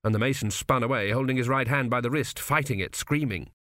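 A man's voice: mid-range voice, a little fast, sharp tone, dry recording. A man narrating an audiobook in a dry, wry storytelling manner.

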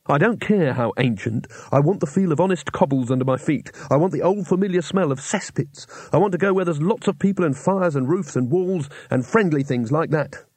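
A man's voice: on the high side, brisk, hardly any pauses, darkish tone, husky, dry recording. A man voicing a frightened, homesick male wizard in an audiobook, speaking urgently and pleadingly. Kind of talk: audiobook character voice.

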